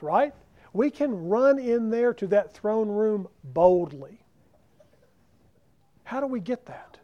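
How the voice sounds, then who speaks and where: High-voiced preacher, emphatic. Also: male voice, expressive. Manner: emphatic preaching, slows down to stress key words. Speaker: pastor. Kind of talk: sermon. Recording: dull lo-fi recording.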